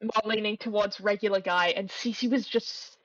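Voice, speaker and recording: A woman's voice: medium pitch, steady tone, dry recording. A woman from Australia, co-hosting a podcast in casual chat, hesitant and full of fillers. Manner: unhurried, hesitant, with many fillers. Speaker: podcast co-host. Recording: slightly muffled lo-fi mic.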